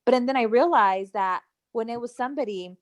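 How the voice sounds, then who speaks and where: A woman taking part in a workshop, asking a question hesitantly with many pauses. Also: fairly high pitch, no room sound, dull audio. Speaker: workshop participant.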